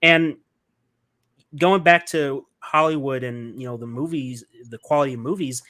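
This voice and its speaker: A male podcast host chatting casually with his guest at a middle pitch. He rambles with enthusiasm, circles back over his own words and leans on plenty of fillers. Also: moderate pace, sharp tone. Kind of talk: casual interview chat.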